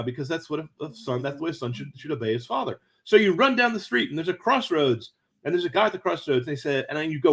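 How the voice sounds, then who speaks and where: A man talking as an interview guest, telling stories with stammered restarts and quick chuckles, jumping up into a high excited voice when acting out what people said. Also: creaky, slightly rough. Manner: animated, jumps to high excited pitch acting out quoted voices. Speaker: guest author. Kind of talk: conversational interview storytelling.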